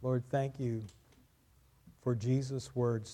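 A man's voice: mid-range voice, steady tone, unhurried. Man preaching a sermon. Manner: builds to loud emphatic peaks while reading aloud; drops to quiet, soft closing lines. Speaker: pastor.

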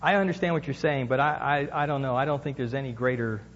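A man's voice: medium pitch, fast, a little hiss or hum. A male pastor preaching a sermon in a conversational way, asking the congregation questions and building to emphatic peaks. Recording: dull lo-fi sound with long church reverb.

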